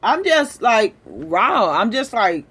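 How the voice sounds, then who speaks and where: A woman's voice: on the high side, very animated, slow pace, fairly bright tone, slightly rough. A woman delivering a heated, profane political rant, repeating her points with emphasis. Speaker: political commentator.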